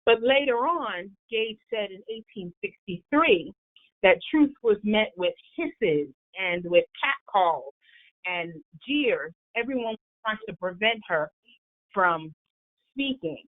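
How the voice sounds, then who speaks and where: A woman's voice: medium pitch, expressive, slow pace. A woman presenter giving an explanatory history talk for a library program. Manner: explanatory, storytelling lecture. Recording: tinny phone-like line.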